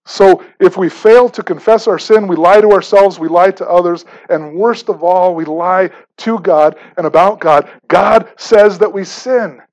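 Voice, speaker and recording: Man preaching, high-pitched voice, conversational, stammering restarts, emphatic. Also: fairly even intonation, a little slow, few pauses, darkish tone, poor audio. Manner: repeats words as he starts phrases, conversational and emphatic. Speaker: pastor. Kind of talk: sermon.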